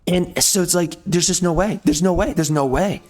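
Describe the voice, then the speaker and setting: A man with a slightly higher-than-usual voice rants over his gameplay. He rambles and stumbles, restarting sentences as his frustration builds. His talk stays loose and unscripted, full of filler words. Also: moderate pace, a little mellow, faint music behind. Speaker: gameplay commentator. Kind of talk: ranting commentary over gameplay.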